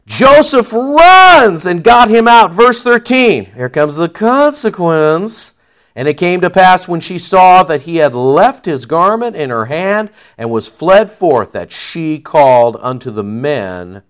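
Animated man teaching a Bible passage. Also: a little high. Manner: reads scripture aloud then explains it conversationally, many fillers. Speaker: preacher.

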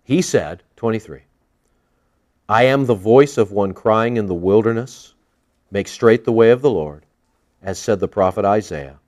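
Animated man preaching a Bible study. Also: fairly low pitch, a little slow, long pauses. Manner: animated, jokey, acts out quoted voices. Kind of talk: sermon Bible teaching.

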